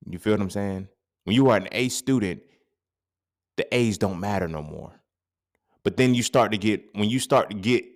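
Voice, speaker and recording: A man in his thirties hosting a podcast, talking in a casual, profane monologue that swings into sudden loud outbursts. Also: on the low side. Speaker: podcast host.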